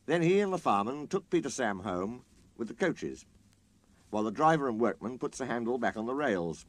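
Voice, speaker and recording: A man reading a children's story aloud, in an expressive, lilting storytelling manner. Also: mid-range voice, a little fast.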